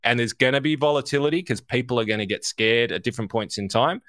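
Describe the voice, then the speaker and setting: A man co-hosting a podcast, giving animated, casual market commentary, swearing freely and speaking straight to listeners. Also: mid-range voice, fast, no room sound, studio quality. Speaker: co-host.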